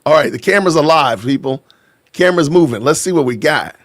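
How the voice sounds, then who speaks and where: A man's voice: on the high side, animated, quick pace, no echo. A man from Illinois hosting a casual live stream, joking, laughing often and greeting his chat. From Illinois, USA. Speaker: livestream host. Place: lives in Georgia, USA.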